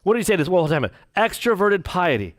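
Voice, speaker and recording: A man, a pastor, teaching a church class, reading quotes and joking between them in quick put-on voices. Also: sits high, no echo, studio quality. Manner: animated, jokey, acts out quick voices.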